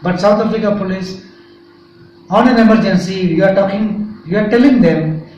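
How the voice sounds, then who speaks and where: A man tells his story as an interview guest in an earnest way. His voice is fairly high. The sound is muffled, distant and very echoey, with faint noise underneath. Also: normal speed, a little mellow. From India. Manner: earnest, recounting a frightening event. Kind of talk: personal account in an interview.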